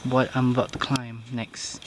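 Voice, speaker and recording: A man's voice: medium pitch, completely flat delivery, unhurried, a little hiss or hum. Breathless man narrating a mountain hike. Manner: breathless, matter-of-fact commentary while climbing. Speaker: vlogger. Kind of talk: hiking vlog narration. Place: outdoors on a mountain trail.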